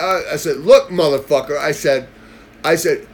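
A man in casual chat, telling a story in a profane way and growing loud and heated as he retells a confrontation. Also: on the high side, moderate pace. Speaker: podcast co-host telling a story.

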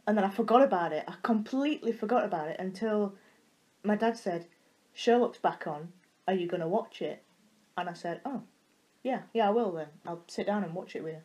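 A woman's voice: mid-range voice, a little fast, a little mellow. A nineteen-year-old woman with a Yorkshire accent, chatting casually as a podcast co-host, laughing easily and swearing now and then. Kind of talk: casual chat.

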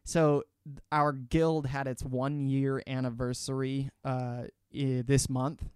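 A man's voice: medium pitch, level tone, slow pace, a little mellow, smooth, dry recording, studio quality. A young man and student in casual chat with a friend, rambling and swearing casually.

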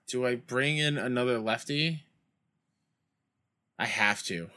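A man's voice: medium pitch, slow pace, pushed and bright. A young man streaming a baseball video game, chatting casually with his chat and telling stories, with outbursts when plays go wrong. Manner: reads chat aloud and tells rambling school stories.

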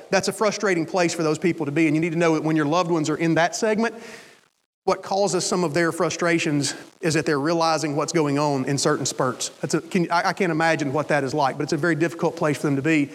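A male preacher telling a long personal story in a sermon, animated and acting out the voices of the people in it. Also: high voice. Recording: long hall reverb.

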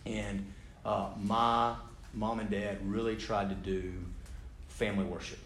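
A man's voice: lowish voice, fairly even intonation, measured pace, a bit bright. An American man giving a sermon talk to a live audience, telling a story animatedly with self-deprecating humor. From United States. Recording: roomy hall sound, faint background noise.

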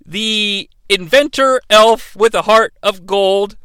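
Man in his forties, comedic movie review host, sarcastic, profane, high, bright, crisp voice, dry sound. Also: slow, few pauses, dry recording.

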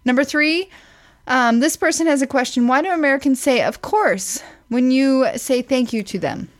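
A woman with a somewhat high voice hosts a relaxed chat. She reads questions from a list one after another. Her delivery is dry and teasing. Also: normal speed. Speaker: podcast co-host.

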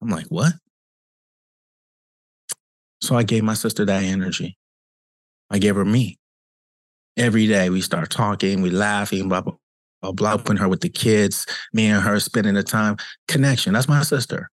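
Man, fairly deep voice, earnest motivational talk, casual and repetitive, dry close sound. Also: steady tone, moderate pace, long pauses, dry recording. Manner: earnest, conversational, repeats himself for emphasis. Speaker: cancer coach and podcast host. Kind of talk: reflective motivational monologue.

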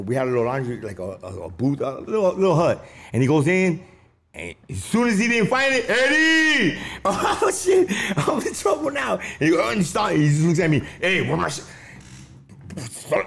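A man's voice: a little high, a little hiss or hum. A man telling stories from his youth in casual street slang, often ending lines with a tag question. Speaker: interviewee. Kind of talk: casual storytelling.

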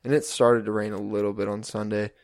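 A young man with a fairly low, gravelly voice steers a relaxed, wry podcast chat. The sound is close-miked and dry. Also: fast talker, no echo. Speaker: podcast co-host. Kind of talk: casual chat.

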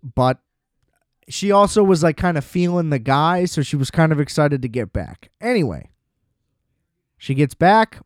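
A man's voice: fairly high pitch, very animated, a little slow, pauses often, no room sound, studio quality. A man casually recapping a film plot in a loose, chatty way, full of "like" fillers and blunt swearing. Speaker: film reviewer.

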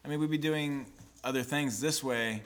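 A man's voice: medium pitch, moderate pace, fairly bright tone. A man in his thirties co-hosting a podcast, talking in a loose, rambling, profane way. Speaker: podcast co-host. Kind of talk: casual chat.

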